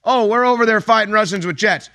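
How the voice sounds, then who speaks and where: A man doing an impression of an elderly male politician, stammering and pitched up, with a dry sound. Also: fast talker, sharp tone, no room sound. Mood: insistent.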